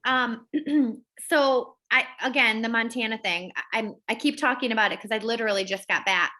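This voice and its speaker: A woman's voice: on the high side, normal speed, sharp tone. A woman hosting a wellness group over a video call, telling a rambling story with many fillers. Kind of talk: casual chat on a video call.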